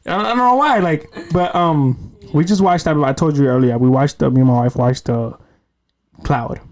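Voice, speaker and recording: Animated, cursing young man telling stories. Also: on the high side, moderate pace. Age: 20s. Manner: animated storytelling, heavy swearing. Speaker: podcast host. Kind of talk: casual chat.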